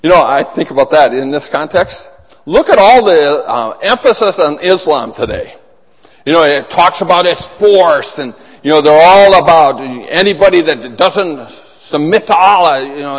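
A man preaching a sermon to a small group, husky and losing his voice, earnest and building to urgent emphasis. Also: on the high side, lively intonation, a little slow. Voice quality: husky, throat-clearing. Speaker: pastor. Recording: long hall reverb.

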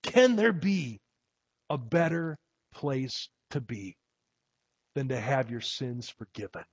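A man preaching a sermon in a slow, emphatic way, letting his voice swell on key phrases. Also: mid-range voice, expressive, husky, no echo. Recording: dull lo-fi recording.

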